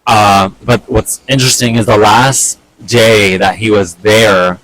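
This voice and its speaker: A young man casually telling a personal story on a vlog, animated and exasperated, with lots of fillers and swearing. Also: fairly low pitch, slow, low-quality recording. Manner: animated, fed-up retelling full of fillers and swearing.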